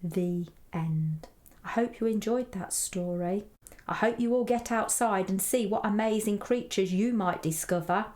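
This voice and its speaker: A woman reading a children's story aloud, gentle and expressive, playfully voicing the animal sounds. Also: medium pitch, unhurried, a little hiss or hum.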